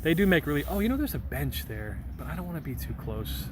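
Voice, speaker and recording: A man's voice: fairly high pitch, very animated, quick pace, a little hiss or hum. A young man livestreaming outdoors in a park, reading out chat messages in a rambling, joking, goofy way. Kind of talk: casual live vlog chat.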